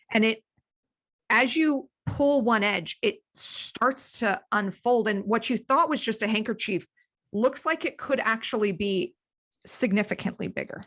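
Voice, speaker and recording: A woman narrating as game master over a video call, with many pauses and restarts. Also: on the high side, a bit bright. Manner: hesitant, many restarts and ums.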